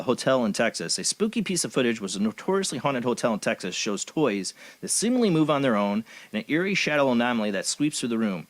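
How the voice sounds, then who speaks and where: A man hosting a paranormal radio show, reading news items aloud and giving blunt, opinionated commentary. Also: mid-range voice. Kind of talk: casual chat.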